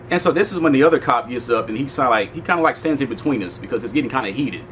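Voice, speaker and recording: Heated, animated man telling a story. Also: mid-range voice, racing, hardly any pauses, a little hiss or hum, rough recording. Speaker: vlogger. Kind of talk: casual storytelling to camera. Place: outdoors at a street event venue.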